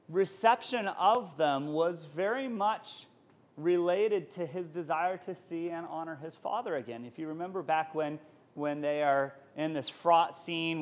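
A man teaching a college Sunday school class on a Bible passage, talking conversationally and acting out the quoted lines. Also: on the high side. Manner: conversational, animated, acts out quotes.

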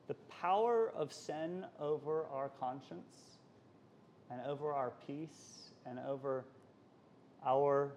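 A man's voice: medium pitch, slight background noise. A man teaching a college Sunday school class on a Bible passage, talking conversationally and acting out the quoted lines. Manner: conversational, animated, acts out quotes.

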